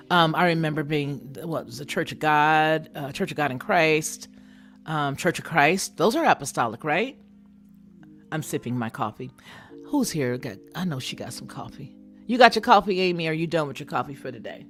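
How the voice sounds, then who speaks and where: A woman's voice: low voice, expressive, moderate pace, a bit bright, soft background music. A middle-aged woman hosting a casual live chat, thinking aloud and speaking directly to her viewers. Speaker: channel host.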